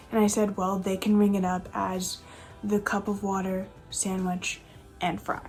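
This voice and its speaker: A young adult woman telling stories from her fast-food cashier job in a casual, rambling way, full of filler words. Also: medium pitch, level tone, a little mellow, soft background music. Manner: chatty, rambling, lots of "like" fillers. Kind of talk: casual storytelling vlog.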